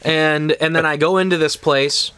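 A man casually telling an animated story, full of fillers like "like" and "um". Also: a little high, moderate pace, smooth, no echo.

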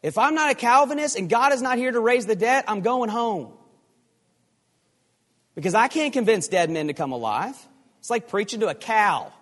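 Animated high-voiced male preacher in hall. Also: normal speed. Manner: animated, emphatic, with rhetorical questions. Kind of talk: sermon. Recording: long hall reverb.

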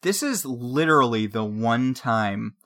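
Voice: medium pitch, lively intonation, unhurried, a bit bright. Podcast co-host with dry, wry asides. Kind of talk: casual recap chat.

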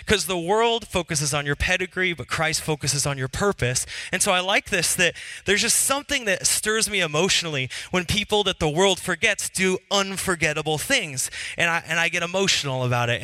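Casting: earnest married man, casual talk, very bright tone, dry close sound. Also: on the high side, no echo. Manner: animated and earnest, many fillers and restarts. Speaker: Christian speaker.

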